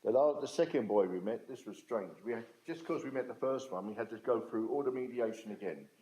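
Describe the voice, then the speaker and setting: A man's voice: medium pitch, fairly quick, warm tone, poor audio. An older man, telling his story to an audience in a blunt, plain-spoken, emphatic way. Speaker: speaker at a talk on restorative justice.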